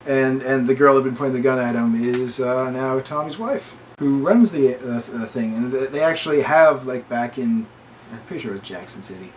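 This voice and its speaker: A man's voice: mid-range voice, a little fast, darkish tone, a little hiss or hum. A man co-hosting a casual chat, retelling a story with lots of quoted dialogue and restarts. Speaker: podcast co-host.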